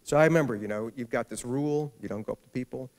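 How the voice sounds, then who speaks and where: Casting note: middle-aged male author, mid-pitched voice, storytelling talk at a library event, animated when he acts out the people in his tale. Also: fast talker. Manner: animated anecdote-telling, acting out the people he quotes. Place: event hall before a live audience.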